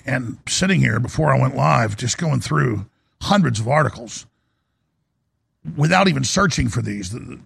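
Gravelly-voiced man hosting a broadcast. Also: mid-range voice, a bit bright, dry recording, clean studio sound. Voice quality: gravelly and husky. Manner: rambling, with restarts and sudden emphatic rises. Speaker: host of a live broadcast. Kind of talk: monologue commentary. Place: broadcast studio.

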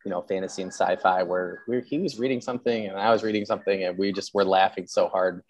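A man's voice: low-pitched, steady tone, no echo. A man hosting a podcast interview, chatting casually and rambling, with frequent strings of agreement. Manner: rapid, repeats "yeah", rambling. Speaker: podcast host.

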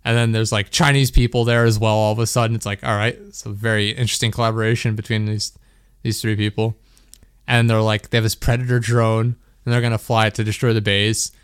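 In this clean, echo-free studio clip, a young man hosting a podcast chats casually, telling a story in a rambling, laughing way packed with "like." He talks fast in a fairly low, clean-toned voice whose pitch barely moves.

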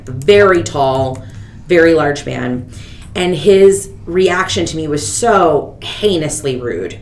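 A woman in her thirties hosting a podcast, telling a story in casual chat and acting out the people she quotes. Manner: animated, quotes people with big pitch jumps. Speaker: podcast host. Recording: echoey room with faint rumble.

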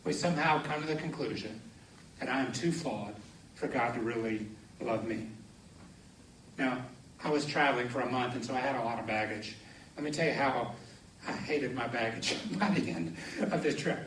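A man preaching a sermon as a pastor, telling personal stories in an animated way and laughing through them, from a podium in a church sanctuary. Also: mid-range voice, moderate pace, long pauses, a little hiss or hum. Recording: echoey hall, somewhat distant.

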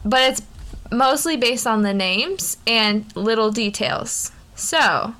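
A woman's voice: on the high side, animated, takes it slowly, bright, forceful tone. A woman co-hosting a podcast, laid-back and giggly as she chats and tells a story. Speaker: podcast co-host. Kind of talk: casual chat and storytelling.

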